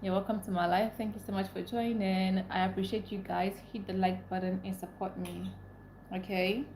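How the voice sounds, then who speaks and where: A woman's voice: mid-range voice, level tone, moderate pace, a little mellow, reverberant, slight background noise, poor audio. A young woman from Nigeria hosting a casual livestream, reading viewers' comments aloud and greeting them by name. She speaks emotionally, ranting about how upset she is. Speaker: livestream host. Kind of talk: casual live-stream chat, reading comments.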